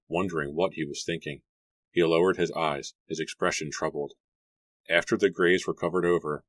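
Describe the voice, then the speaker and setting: A man narrating an audiobook in a measured storybook reading. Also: a bass voice, dry recording.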